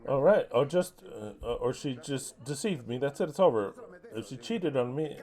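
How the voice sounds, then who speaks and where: Fiery, mellow-voiced male preacher. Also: medium pitch, expressive, normal speed. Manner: heated, mocking, with rhetorical questions and cursing. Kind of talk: impassioned sermon.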